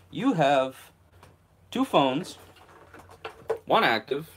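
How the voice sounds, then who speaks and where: A man's voice: mid-range voice, lively intonation, unhurried, pauses often. Young man, casual live-stream host, self-mocking, rambling, guitar pick in mouth, phone mic, faint hiss. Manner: talking around a guitar pick in his mouth. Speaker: channel host.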